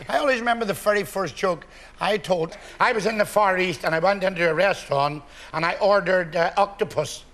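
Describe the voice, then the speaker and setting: A man's voice: high voice, a little fast, fairly bright tone. A man in his eighties, a comedian guest on a chat show, telling jokes with a chuckle. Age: 80s. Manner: jokey storyteller, chuckling. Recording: studio audience behind.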